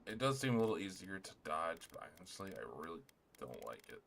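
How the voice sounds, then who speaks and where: A man's voice: sits low, big pitch swings, a little fast, creaky, a bit bright. A man streaming a video game, muttering casual, mildly grumbling remarks as he plays. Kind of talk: casual gameplay commentary. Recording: streaming mic with background noise.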